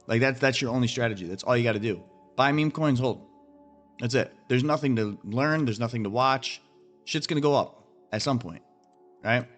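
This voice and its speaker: A blunt man runs through his trading charts in a brash, swearing rant and keeps addressing the viewers directly. His voice sits at an ordinary middle pitch. Soft music plays faintly behind him. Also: normal speed. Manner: blunt, profane, emphatic, talks straight to viewers. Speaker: crypto trading channel host. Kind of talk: ranting chart analysis.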